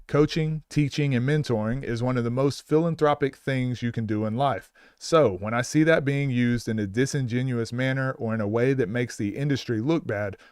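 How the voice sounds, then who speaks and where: A man's voice: medium pitch, clear, resonant tone, no room sound, studio quality. A man coaching basketball, giving blunt, exasperated live commentary and restarting his sentences often.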